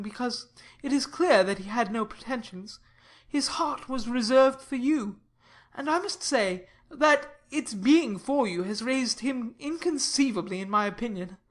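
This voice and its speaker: A woman reading as an earnest young gentleman. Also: on the high side. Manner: measured, earnest and persuasive. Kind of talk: audiobook reading of a classic novel.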